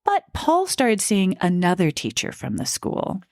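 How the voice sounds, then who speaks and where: A woman's voice: medium pitch, huge pitch swings, a little slow, darkish tone, dry recording, studio quality. A woman co-hosting a podcast, telling a true-crime story in a casual, chatty way with asides. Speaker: podcast co-host.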